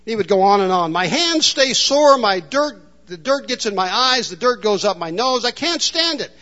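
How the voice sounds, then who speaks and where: Whiny folksy farmer, high and slow, on a dull recording, as a male preacher puts him on. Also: expressive, sharp tone. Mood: grumbling. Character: grumbling farmer man sick of plowing.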